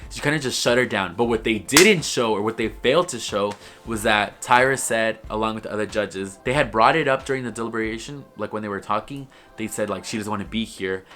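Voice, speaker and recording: Low-voiced young man gossiping casually. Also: a little fast, hardly any pauses, sharp tone. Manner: profane, rambling, heavy use of "like". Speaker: YouTube vlogger.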